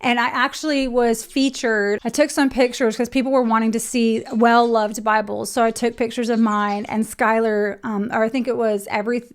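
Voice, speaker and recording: A woman's voice: a little high, flat delivery, normal speed, hardly any pauses, clear, resonant tone. A woman chatting casually through an unboxing, emotional and gushing, near tears at times. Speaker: vlogger.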